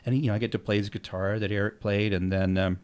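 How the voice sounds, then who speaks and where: A clear, resonant, lowish voice races along as a middle-aged man tells stories on his podcast. The talk is casual and animated, and he acts out the dialogue while swearing without restraint.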